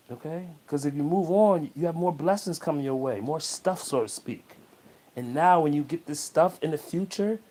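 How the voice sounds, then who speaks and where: A man talking straight to the viewer in a casual motivational monologue, preachy and repetitive, often checking in with a quick "okay?". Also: fairly high pitch, mellow. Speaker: motivational vlogger.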